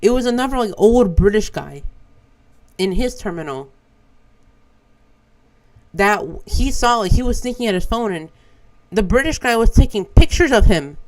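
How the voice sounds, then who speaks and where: A man's voice: sits high, moderate pace, long pauses, poor audio. A young man from Brazil whose first language is Portuguese, a streamer telling a casual story with lots of swearing. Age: young adult. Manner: animated, swears a lot. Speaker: vtuber streamer.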